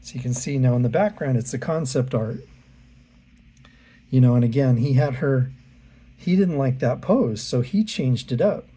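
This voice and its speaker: A man's voice: medium pitch, normal speed, pauses often, warm tone, husky. A man hosting his own channel, chatting casually to viewers as he walks through an art book. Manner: chatty, addresses viewers directly.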